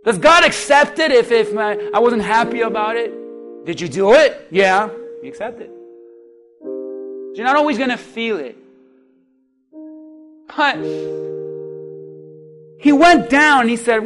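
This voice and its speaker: A man preaching a sermon, dropping to hushed asides and rising to laughing shouts as he acts out quotes. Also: very high-pitched, lively intonation, slow pace, long pauses, faint music behind. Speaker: pastor.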